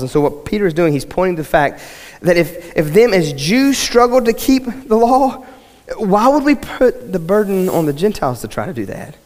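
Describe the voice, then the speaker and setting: A man's voice: high voice, big pitch swings, normal speed, a little mellow. A male pastor giving a sermon, talking conversationally to the congregation and building to emphatic points. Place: church sanctuary. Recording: long hall reverb.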